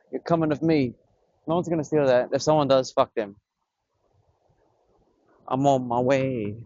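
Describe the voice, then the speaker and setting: A young man, excitedly filming himself fishing on a beach, swearing and talking in slang. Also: medium pitch, a little slow, no echo, dull audio. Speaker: vlogger. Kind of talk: casual fishing vlog commentary. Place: outdoors on a beach by the water. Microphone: camera on a tripod.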